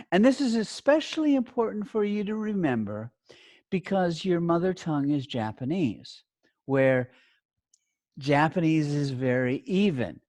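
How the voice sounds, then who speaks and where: A middle-aged man teaching a class over a video call, giving clear, deliberate instructions and stressing key words. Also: on the high side, sing-song, darkish tone, dry recording, clean studio sound.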